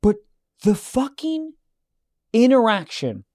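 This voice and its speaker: A young man with a notably high-pitched voice co-hosts a casual podcast. He tells stories in an animated way, acts out both sides of the exchange, and swears without holding back. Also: takes it slowly. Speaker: podcast co-host. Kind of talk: casual storytelling chat.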